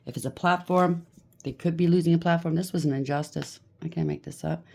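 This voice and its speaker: A woman with a low, mellow voice doing a tarot card reading. She speaks bluntly and scolds freely, with faint noise in the background. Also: steady tone, brisk, vocal fry. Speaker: tarot reader.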